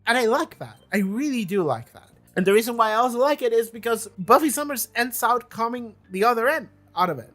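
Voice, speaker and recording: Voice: medium pitch, animated, a little fast, hardly any pauses, a bit bright. Rambling young host reviewing a show. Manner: rambling, repeats words, many "like" fillers. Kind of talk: casual review monologue.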